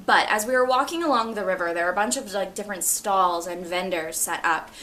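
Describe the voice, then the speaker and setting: A young woman in her twenties chatting casually and excitably about her books, laughing often. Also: mid-range voice, fairly quick, hardly any pauses. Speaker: book vlogger. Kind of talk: casual chat.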